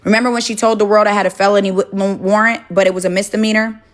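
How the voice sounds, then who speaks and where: A woman's voice: medium pitch, steady tone, racing. Woman, young adult, livestream chat, phone mic, home kitchen, blunt, argumentative, swears a lot. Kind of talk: casual livestream chat, answering viewers.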